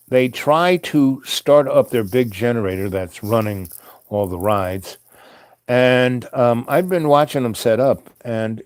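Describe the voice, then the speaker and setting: A man spins a long, wandering personal story, circling back with frequent asides and restarts. His voice sits at an ordinary middle pitch, and the recording is dry and close, with no room sound. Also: darkish tone, dry recording. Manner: loose, meandering, full of "you know" asides. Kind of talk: rambling personal anecdote.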